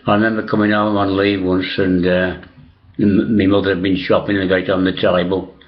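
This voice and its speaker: A man's voice: sits low, flat delivery, a little fast. An older man, rambling through old memories with many fillers, restarts and casual swearing. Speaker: storyteller recalling old days. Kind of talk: rambling reminiscence. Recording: dull lo-fi sound.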